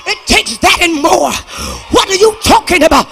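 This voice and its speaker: A woman preacher roars through a Pentecostal sermon, her forceful, bright voice carrying a gravelly grit. She chants in waves and drives each phrase home with a sharp "uh," sometimes breaking into tongues. Soft church music sits faintly underneath. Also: very high voice, expressive, moderate pace. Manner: shouted preaching punctuated by rhythmic "uh" gasps.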